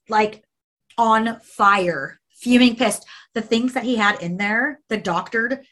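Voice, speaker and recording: A woman's voice: fairly high pitch, slow, a bit bright. A woman in casual conversation who tells a story emphatically, repeating phrases and swearing.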